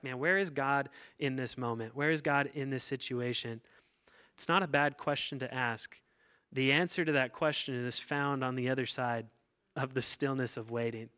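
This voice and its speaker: A man preaching in a relaxed, conversational way, his voice smooth and resonant. He keeps an even, level pitch and fills pauses with ums and restarts. On reflective passages he slows down and softens. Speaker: pastor. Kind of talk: sermon.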